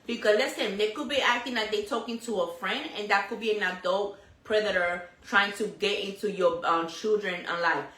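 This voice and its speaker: A woman co-hosting a casual talk show, a mother who talks loudly and animatedly and drops in Spanish phrases. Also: mid-range voice, normal speed, few pauses, roomy sound, low-quality recording. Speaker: co-host. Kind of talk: casual chat.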